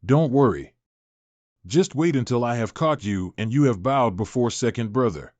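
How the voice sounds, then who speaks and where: A man voicing an arrogant, mocking male clan bully in a manhwa recap, read in a flat, even way. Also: medium pitch, normal speed, no room sound, lo-fi sound, natural voice.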